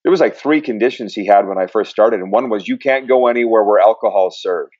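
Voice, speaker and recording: Man, lowish voice, sober coach guest, casual storytelling, dry muffled sound. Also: fast talker, no echo. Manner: animated storyteller, acts out quotes. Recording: dry, slightly dull studio sound.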